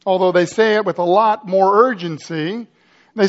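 High-pitched male pastor preaching, dramatic, lots of questions, kinda dull lo-fi sound. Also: normal speed. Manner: dramatic, builds urgency with rhetorical questions. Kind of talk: sermon.

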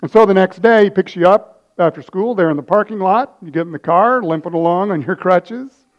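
Guy preaching, pretty high voice, tells a story and jumps between loud high bits and quiet asides. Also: a little fast, highs cut off. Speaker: pastor. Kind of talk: sermon.

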